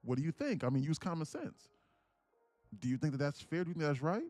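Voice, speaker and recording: A pushy older politician, as a man puts him on, firing off leading questions and stretching out a knowing "hmm." The voice sits a bit higher than usual and stays bright, lively and insistent. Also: fairly quick, dry recording, soft background music.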